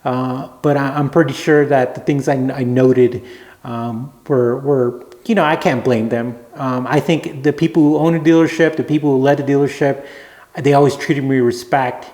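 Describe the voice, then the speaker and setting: A man telling a rambling, relaxed anecdote to camera as a vlogger. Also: medium pitch, normal speed, echoey room. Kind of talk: casual storytelling to camera.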